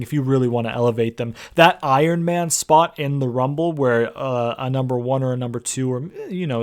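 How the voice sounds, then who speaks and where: A young man in his twenties casually recapping and reviewing a wrestling show, rambling loosely with lots of fillers and the odd swear. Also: mid-range voice.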